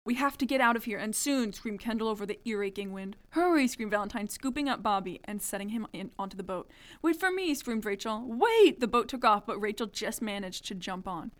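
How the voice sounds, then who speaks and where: A woman's voice: medium pitch, fairly even intonation, a little fast, hardly any pauses, a bit bright. A woman co-hosting a casual podcast, reading a childhood story aloud with mock-dramatic voices and dry asides. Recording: lo-fi podcast audio.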